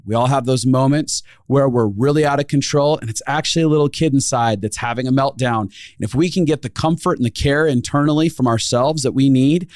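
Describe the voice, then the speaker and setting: A man's voice: mid-range voice, a little mellow, no echo, studio quality. A man hosting a podcast, introducing the episode in an upbeat, promotional way. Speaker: podcast host.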